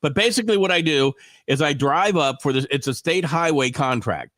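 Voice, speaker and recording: A man's voice: a little high, lively intonation, a little fast, a bit bright, no echo, clean studio sound. A man with a head cold, chatting casually as a guest on a morning show, rambling with many fillers and restarts. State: congested with a cold. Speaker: guest radio host. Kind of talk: casual chat.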